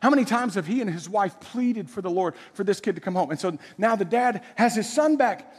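High-voiced animated male preacher. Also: brisk. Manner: conversational, animated, rhetorical questions. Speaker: pastor. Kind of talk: sermon. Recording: echoey hall.

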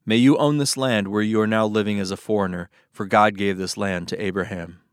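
Low-voiced man reading scripture. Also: steady tone, brisk, no room sound, studio quality. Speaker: Bible reader.

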